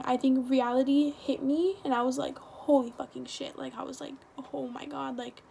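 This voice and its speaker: A woman's voice: sits high, darkish tone, a little hiss or hum. A teenage woman telling a personal story in a rambling, casual way, full of fillers and swearing. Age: teens. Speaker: vlogger.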